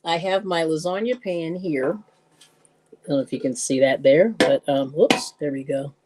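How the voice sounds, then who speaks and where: A woman hosting a live-stream cooking show, chatting casually, laughing often and greeting viewers with excited squeals. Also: deep voice, normal speed, background noise.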